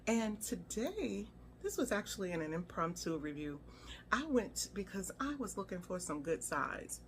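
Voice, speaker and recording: A woman's voice: mid-range voice, sing-song, moderate pace, slight background noise. A woman food vlogger giving a casual, playful review, humming and exclaiming as she tastes. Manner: chatty and playful, hums and exclaims while tasting.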